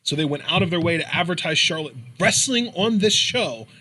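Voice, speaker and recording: A man co-hosts a casual podcast, reading out questions and answering in a matter-of-fact way with dry quips. His voice sits a little high and has a bright edge. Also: lively intonation, brisk. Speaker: podcast co-host. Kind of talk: casual wrestling podcast chat.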